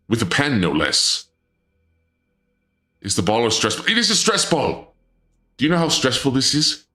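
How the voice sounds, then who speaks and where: Man, livestream dark lord persona, bright forceful voice, fairly low pitch, flustered, stammering, sudden squeaky outbursts. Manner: stammers and restarts often. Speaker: streamer.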